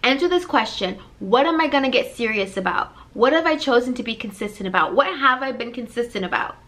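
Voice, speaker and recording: A woman's voice: on the high side, lively intonation, a little fast, a bit bright. A woman life coach hosting her own channel, giving a blunt tough-love talk with lots of energy and repetition. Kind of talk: direct-to-camera motivational vlog.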